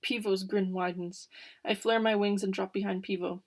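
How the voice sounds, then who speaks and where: A woman reading a children's novel aloud in a plain middle voice. She pauses for casual, wry side comments about the writing before carrying on. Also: mid-range voice, fairly even intonation. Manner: casual, wry asides between passages. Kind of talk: reading a book aloud with chatty asides.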